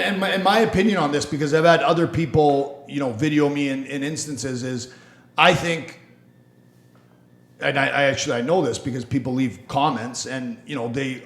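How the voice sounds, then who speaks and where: A man's voice: medium pitch, gravelly, echoey room. A man who is a lawyer, hosting a casual sports and law talk show, blunt, swearing freely and mocking people in put-on voices. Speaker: podcast host, lawyer.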